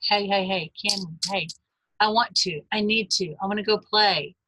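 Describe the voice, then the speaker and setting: A woman's voice: mid-range voice, steady tone, normal speed, sharp tone, poor audio. A woman voicing a small child's inner voice, eager and pleading for attention.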